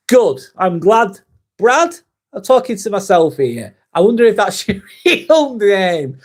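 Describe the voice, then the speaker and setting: Blunt, foul-mouthed man, slightly high voice. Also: animated, takes it slowly, long pauses. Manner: blunt, swears freely, reads comments aloud and answers them. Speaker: livestream host reading viewer chat. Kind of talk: casual live-stream chat.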